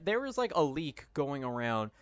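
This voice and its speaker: A man's voice: mid-range voice, big pitch swings, normal speed, lo-fi sound, faint music behind. A man giving sarcastic, exasperated and profane reaction commentary while watching a movie. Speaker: YouTuber.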